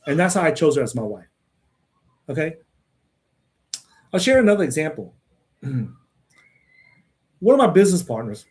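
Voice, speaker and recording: Man, livestream host, casual monologue; brash, blunt delivery, a touch higher pitched than most. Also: darkish tone. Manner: repeats "man" and "okay?" as tags.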